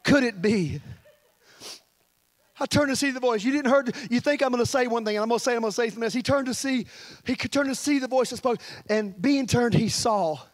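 A man's voice: very high-pitched, fast talker. A man preaching a sermon as pastor, in an impassioned, colloquial style.

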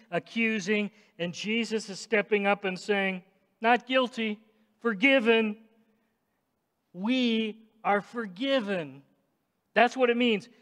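A male pastor delivers a sermon in a fairly high voice, taking his time. He talks straight to his listeners and rises to shouts at times. A long reverb rings through the large church hall. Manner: emphatic, addresses the congregation directly, rises to shouts.

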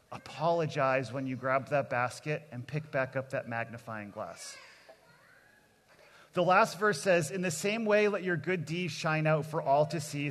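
A man's voice: on the high side, a bit bright. Earnest man preaching in a reverberant hall. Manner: earnest, plainspoken, calls out to the crowd. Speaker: kids camp pastor. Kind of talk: sermon to children and adults.

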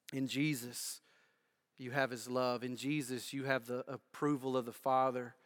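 A man preaching a sermon as pastor, building phrases in repetition and dropping from loud declarations to hushed lines. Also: mid-range voice. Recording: echoey hall with long reverb.

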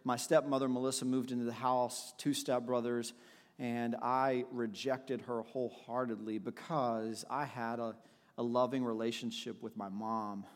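A man's voice: medium pitch, flat delivery, moderate pace, big-room sound. A man preaching a sermon, telling personal stories in a reflective way with frequent restarts. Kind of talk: sermon with storytelling.

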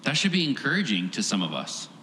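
A man's voice: medium pitch, huge pitch swings, fast, bright, forceful tone, a little hiss or hum. A man preaching a sermon as pastor, earnest and emphatic, stacking repeated phrases for effect. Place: large church hall. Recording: echoey hall with long reverb.

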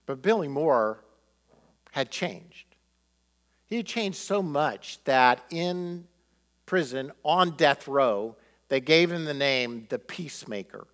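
A man preaching from the pulpit, his voice sitting a little higher than most. He tells the story in a sermon style and gives each quoted line its own feeling. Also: slow pace. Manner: animated storyteller acting out quotes. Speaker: pastor.

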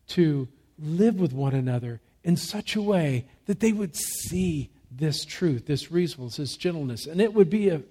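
A pastor with a slightly high, husky voice preaches a dynamic sermon. He moves between soft, slow emphasis and loud, rising exhortation, posing rhetorical questions and then answering them.

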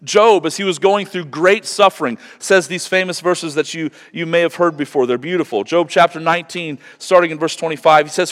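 A man preaching a sermon as pastor, reading scripture aloud with loud emphatic passion. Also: a little high, fairly quick, few pauses. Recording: long reverb of a large hall.

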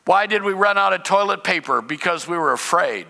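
A man's voice: sits high, expressive, a little fast, gravelly, sharp tone, long reverb tail. An older man preaching a sermon in a conversational way, asking rhetorical questions and mixing in humor. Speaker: pastor.

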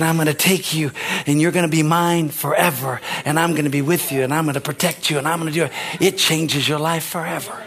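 An older man delivers a sermon in a husky, fairly high voice. He speaks earnestly and with feeling, shifting between quiet reflection and loud, excited preaching. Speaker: pastor.

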